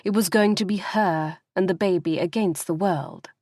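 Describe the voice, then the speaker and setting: This audiobook narrator has a fairly low-pitched voice and reads the script in a measured, expressive way. The audio is clean studio quality with no room sound.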